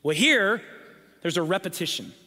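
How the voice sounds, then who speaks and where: A man's voice: sits high, expressive, normal speed, pushed and bright, long reverb tail. A man preaching a sermon, emphatic, building lists and repeating words for weight, sometimes dropping almost to a whisper. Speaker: pastor.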